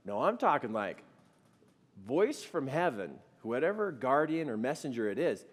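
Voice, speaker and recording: Animated man telling a spiritual story. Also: mid-range voice. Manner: animated, acts out dialogue, slows for emphasis. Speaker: storyteller and speaker.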